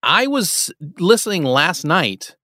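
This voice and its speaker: A man's voice: high voice, takes it slowly, no echo, clean studio sound. A man hosting a podcast, asking casual questions and giving short encouraging replies. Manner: relaxed, encouraging, short back-channel replies. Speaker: podcast host.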